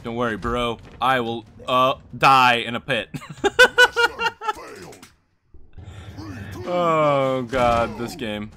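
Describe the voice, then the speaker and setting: A man hosting a let's play, excitedly commenting on the action and muttering to himself between outbursts. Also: medium pitch, slow, few pauses, slight background noise. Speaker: gaming video host. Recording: game music and gunfire behind.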